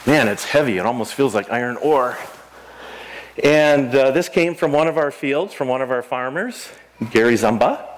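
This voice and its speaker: A man's voice: medium pitch, expressive, moderate pace. A middle-aged man preaching a sermon in a church, talking casually with the congregation, asking them questions and acting out scripture dialogue. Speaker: pastor. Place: church sanctuary.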